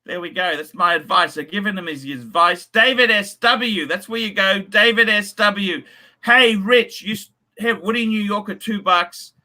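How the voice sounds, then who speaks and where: Profane, ranting man with a bright high voice. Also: normal speed. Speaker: livestream host. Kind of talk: casual livestream chat, reading donations.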